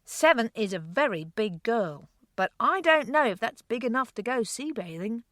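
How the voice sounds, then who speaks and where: A woman doing a gently teasing housekeeper. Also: fairly high pitch, lively intonation, normal speed, no echo, clean studio sound, voice pushed up. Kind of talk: audiobook character voice.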